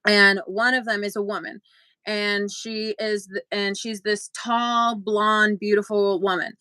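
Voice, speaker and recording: A young adult woman, a podcast co-host, telling a story in casual chat and acting out quotes with big jumps in pitch. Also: little pitch movement, unhurried, pushed and bright, dry recording, poor audio.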